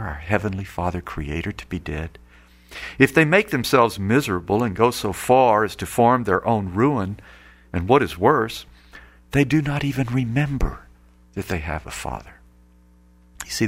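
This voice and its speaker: Male preacher, gravelly, lowish voice, earnest sermon, radio broadcast. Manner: earnest, rising to emphatic outbursts.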